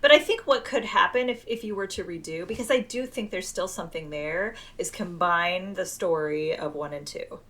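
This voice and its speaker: A female podcast co-host, a mother of school-age kids, talks in a chatty, easygoing way. She keeps dropping into quick retellings of what her family said. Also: fairly low pitch. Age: adult with school-age children. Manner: chatty, quotes people in lively asides. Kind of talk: casual film review chat.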